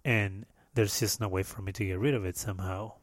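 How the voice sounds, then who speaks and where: A Peruvian podcast host, a native Spanish speaker with a Peruvian Spanish accent, rambles through a casual solo monologue, playful and self-mocking. His fairly low voice is fairly even in intonation and fairly quick, recorded dry with clean studio sound.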